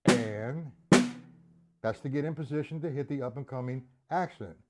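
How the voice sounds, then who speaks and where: A man's voice: mid-range voice, moderate pace, loud music behind the voice. A man teaching a live-streamed drum lesson, breaking patterns down step by step, counting beats aloud and speaking to viewers by name.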